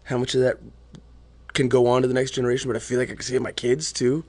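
A man's voice: medium pitch, level tone, a little mellow. A man telling a raw personal story as a podcast guest, confessional, sometimes dropping almost to a whisper. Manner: fast, confessional, drops to near whispers.

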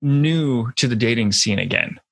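A man's voice: mid-range voice, animated, unhurried, creaky, dry recording. A man hosting a podcast, asking easygoing questions in a casual interview. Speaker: podcast host.

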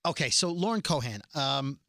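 Bright, rambling male podcast host. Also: on the high side, expressive, moderate pace, gravelly, dry recording, clean studio sound. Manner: rambling, self-correcting storyteller. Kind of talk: casual chat.

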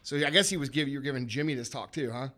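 Bright-voiced, emphatic man on a podcast. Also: mid-range voice, racing. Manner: emphatic, profane, storytelling. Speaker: podcast host. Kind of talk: casual podcast chat.

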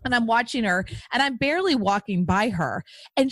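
A woman hosting a podcast, chatting in a bubbly, excitable way with lots of restarts. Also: on the high side, normal speed, no echo. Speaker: podcast host. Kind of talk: casual interview chat.

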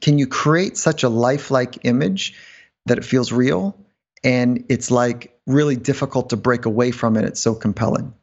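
A man as a podcast guest, explaining mental rehearsal with rambling, animated stories and frequent laughs. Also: mid-range voice, breathy edge, muffled recording. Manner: rambling, laughs often, quick asides. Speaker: podcast guest, performance psychologist. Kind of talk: animated interview storytelling.

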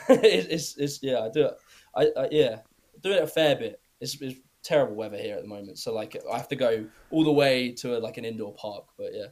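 A young British man chatting casually as a podcast guest, rambling, filling every pause with "like" and swearing easily. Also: medium pitch, darkish tone. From Britain. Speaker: guest YouTuber.

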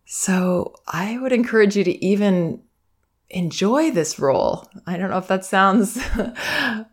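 A woman parenting educator giving calm, reflective advice in a monologue, sometimes acting out soothing phrases meant for a child. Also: medium pitch, takes it slowly. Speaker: parenting educator and podcast host.

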